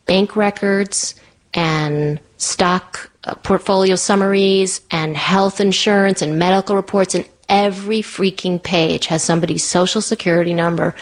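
A woman telling a personal story in a chatty way, full of "like" and "you know", jumping up high when she acts out voices. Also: normal speed. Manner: lively, acts out quoted voices in a much higher pitch.

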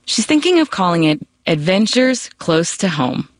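A woman reporter narrating a scripted radio news feature in a measured, storytelling way. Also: fairly low pitch, big pitch swings.

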